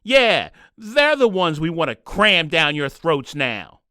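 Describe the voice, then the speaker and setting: A high, lively male voice tears through a solo podcast rant, flipping between exasperated sarcasm and open anger. His tone is bright and edgy, and the close mic sounds dry. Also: slow pace, clear, resonant tone, no echo. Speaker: podcast host. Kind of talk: solo political commentary rant.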